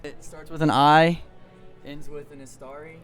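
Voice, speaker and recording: A man's voice: fairly high pitch, flat delivery, normal speed, soft background music. A young man co-hosting, playfully quizzing fans with trivia. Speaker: co-host running trivia. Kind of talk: casual chat, quizzing.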